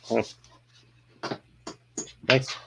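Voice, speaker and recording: A man co-hosting a casual chat, low-key and easygoing, mostly giving short replies. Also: drawn-out words, background noise. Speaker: podcast co-host.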